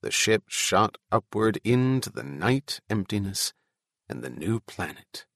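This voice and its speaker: A man narrates an audiobook in a steady, measured way. His voice sits at a middle pitch and sounds dry and close, with no room echo.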